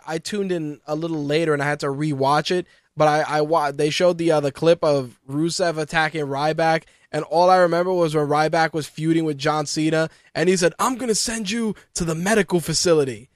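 Animated profane man, dry sound. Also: fairly high pitch, fairly quick, hardly any pauses, clear, resonant tone, dry recording. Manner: animated, profane, mocking quotes. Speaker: co-host of wrestling podcast. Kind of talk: casual chat.

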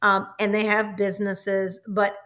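A woman guest, a business speaker and author, talking in an animated, emphatic, preacherly way about faith and business. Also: medium pitch, a little slow. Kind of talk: faith-based business interview.

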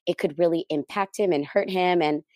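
Female guest with a deep voice, candid storyteller, easygoing, dry close recording. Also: fairly quick, a little mellow, dry recording. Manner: candid and easygoing, laughs lightly. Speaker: interview guest, event planner. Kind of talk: personal storytelling in an interview.

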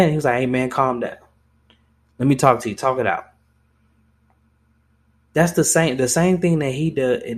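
A young man hosting a podcast, talking in a blunt, impassioned way with lots of swearing and restarts. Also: mid-range voice. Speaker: podcast host. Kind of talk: casual podcast monologue.

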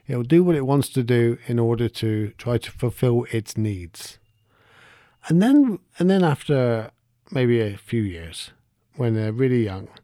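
A man's voice: medium pitch, mellow, no room sound, clean studio sound. A man hosting a solo podcast, explaining his ideas step by step in a reflective, thinking-aloud way. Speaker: podcast host.

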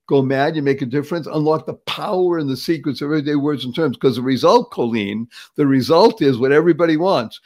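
A man's voice: a little high, fast talker, hardly any pauses, darkish tone. Man, seventies, from boston area, motivational interview guest, emphatic, repeats words, laughs often. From Boston area, USA. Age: 70s. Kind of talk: upbeat motivational interview talk.

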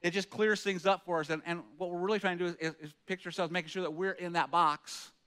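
A man's voice: high-pitched, steady tone, fast, a bit bright, clean tone. A man preaching a sermon in an earnest, conversational way, reading scripture aloud and asking the room rhetorical questions. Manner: reads scripture aloud between comments. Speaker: pastor.

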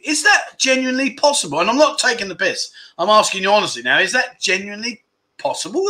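Bright-voiced man, a bit high-pitched, casual joking livestream host chatting with viewers. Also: very animated, quick pace. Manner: jokey, chatty, asks viewers questions. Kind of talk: casual livestream chat, reading viewer comments. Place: home in Thailand.

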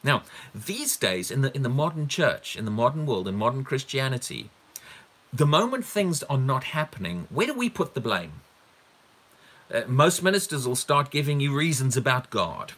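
A male preacher expounds a Bible passage with a bright, forward, mid-range voice, very animated and at normal speed. Emphatic throughout, he repeats words for weight and keeps throwing rhetorical questions at his audience.

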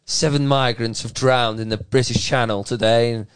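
A man co-hosting a podcast, talking in an animated, opinionated casual chat. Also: mid-range voice, normal speed, smooth, no room sound. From Australia. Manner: animated, opinionated, laughing often. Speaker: podcast co-host.

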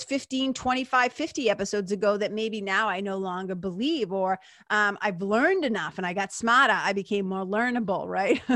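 A woman's voice: medium pitch, a bit bright, dry recording, studio quality. Earnest, chatty woman podcast host. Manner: conversational, earnest, with many fillers and asides; frank, with occasional swearing. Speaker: podcast host and spiritual teacher. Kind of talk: reflective monologue.

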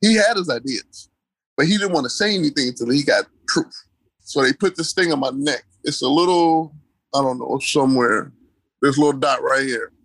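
In a dry recording, a man with a medium-pitched, fairly bright and slightly rough voice speaks at a moderate pace. As an interview guest, he tells his own story casually and colloquially, repeating key phrases for emphasis.

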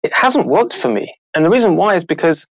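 Lively storytelling man, dry close mic. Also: fairly high pitch, brisk, creaky, dry recording, low-quality recording. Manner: animated, acts out quoted voices, laughs often. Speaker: podcast host and author. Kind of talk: casual storytelling chat.

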